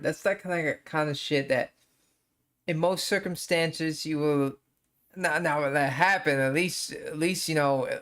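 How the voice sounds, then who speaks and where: A streamer giving casual reaction commentary, crude and profane, often stammering and restarting words. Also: mid-range voice.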